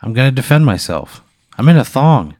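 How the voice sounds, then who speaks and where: Excitable, foul-mouthed man. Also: medium pitch, no echo, clean studio sound. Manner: profane, excitable, quick to protest. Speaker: co-host answering a hypothetical. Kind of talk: improvised comedy banter.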